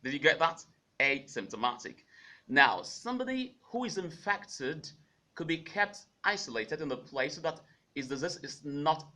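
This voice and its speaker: A man hosting a radio pronunciation lesson, repeating each word slowly several times and humming out the syllable rhythm. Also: mid-range voice, bright, forceful tone. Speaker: pronunciation teacher, radio host.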